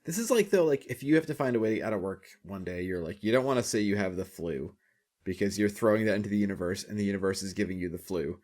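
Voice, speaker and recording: A young man co-hosting a podcast, chatting casually, swearing often and acting out lines in animated voices. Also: fairly low pitch, fast talker. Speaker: podcast co-host. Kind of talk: casual chat.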